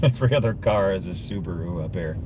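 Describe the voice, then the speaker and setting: A man's voice: low voice, lively intonation, fast talker, music in the background. A man livestreaming while driving through a town, chatting to his viewers and talking to himself in a self-amused way. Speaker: livestreaming vlogger. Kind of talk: casual live-stream chatter while driving. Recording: noisy car interior. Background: road and engine noise.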